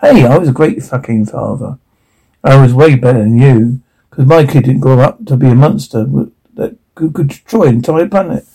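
A man's voice: medium pitch, normal speed, gravelly, dark tone, husky, low-quality recording. A man reading the lines of an angry, swearing grown man in a drama. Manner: swearing, combative.

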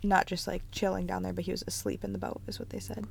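A woman co-hosting a casual faith podcast, sharing reflections in a thoughtful, calm way. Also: fairly low pitch, fast, creaky, a little hiss or hum. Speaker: podcast co-host.

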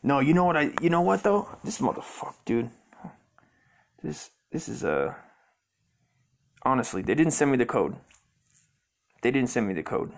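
A man's voice: mid-range voice, animated, moderate pace, creaky, long pauses. A young man hosting his own podcast, ranting profanely and muttering in frustration at his computer. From Southern California. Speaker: podcast host. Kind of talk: rambling solo podcast rant.

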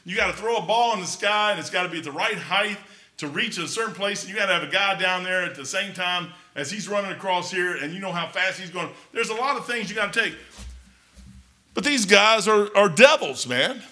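Folksy bright-voiced man, blunt and rambling. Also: sits high, animated, fairly quick. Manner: folksy, blunt, many restarts and asides. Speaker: Christian speaker. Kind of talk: casual rambling sermon-like talk.

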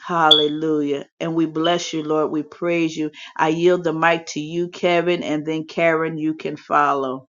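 A woman's voice: sits low, flat delivery, a little slow, hardly any pauses, a bit bright. Woman preaching fervently over a phone app, lots of hallelujahs, muffled lo-fi sound. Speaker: prayer leader hosting a faith chat room. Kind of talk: impassioned preaching and prayer. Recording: dull lo-fi phone audio.

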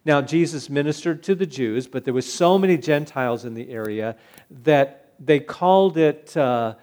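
A man's voice: fairly high pitch, normal speed, a little mellow. A man, a pastor, preaching a conversational Bible sermon with frequent restarts.

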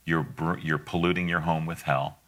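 A man's voice: rumbling low, steady tone, moderate pace, fairly bright tone. A middle-aged man giving a conversational sermon, folksy and direct, with asides and frequent laughs.

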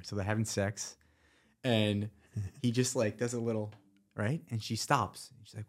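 A man's voice: on the low side, flat delivery, normal speed. A man hosting a casual podcast, enthusiastic and swearing freely as he retells a movie scene. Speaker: podcast host. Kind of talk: casual chat.

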